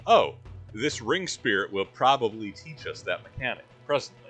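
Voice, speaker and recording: A man's voice: medium pitch, big pitch swings, normal speed, fairly bright tone, breathy edge, soft background music. A man hosting a let's play, giving casual gameplay commentary with wry, joking asides.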